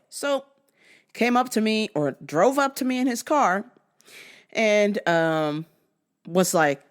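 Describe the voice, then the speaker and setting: A woman's voice: mid-range voice, animated, slow, long pauses, smooth. A woman hosting her own show, telling a story as a heated, profane rant and acting out both sides of the exchange. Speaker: podcast host.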